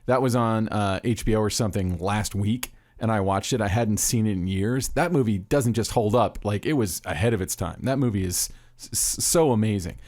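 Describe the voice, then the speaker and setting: Podcast host, fairly low voice, easygoing, asks curious questions. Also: male voice, a little fast, darkish tone. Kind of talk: conversational interview.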